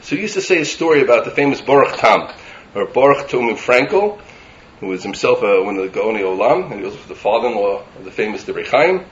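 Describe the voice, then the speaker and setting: Animated rabbi giving a sermon. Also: male voice, mid-range voice, fast talker, muffled recording, slight background noise. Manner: animated, rising to emphatic lists.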